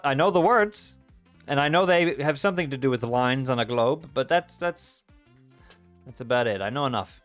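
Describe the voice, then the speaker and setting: A man's voice: mid-range voice, fairly bright tone. Playful man chatting on a livestream. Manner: chatty and playful, reading chat aloud and joking. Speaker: livestream host. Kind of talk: casual chat with live viewers.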